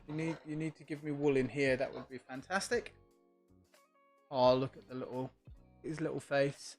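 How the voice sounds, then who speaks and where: A man's voice: medium pitch, fairly even intonation, moderate pace, pauses often, darkish tone. A man streaming a game live, casually thinking aloud and chatting back to his viewers. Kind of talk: relaxed live-stream gaming chat. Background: faint lo-fi music.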